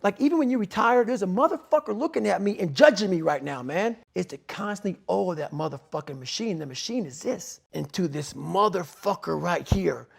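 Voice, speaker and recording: A middle-aged man giving a blunt, profane motivational talk, swinging between low growls and shouted bursts. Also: lively intonation, fairly quick, vocal fry, hardly any pauses, dry recording, clean studio sound. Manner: blunt, swearing constantly, fired-up. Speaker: motivational speaker. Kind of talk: intense profane monologue.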